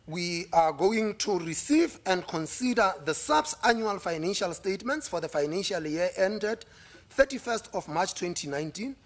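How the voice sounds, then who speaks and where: Man, high voice, South African accent, formal meeting chair, steady reading with brief pauses. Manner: reads agenda items steadily, with "uh" pauses.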